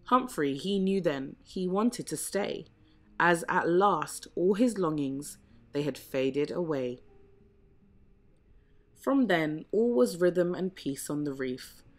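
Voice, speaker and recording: A woman reading a rhyming picture book aloud in a gentle, measured way. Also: on the low side, lively intonation. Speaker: storybook reader. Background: soft background music.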